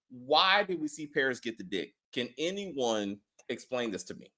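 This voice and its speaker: A man co-hosting a casual TV episode review, profane and animated, acting out characters as he complains. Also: medium pitch, moderate pace. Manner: animated, profane, mimics characters mid-rant. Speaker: show co-host reviewing a TV episode.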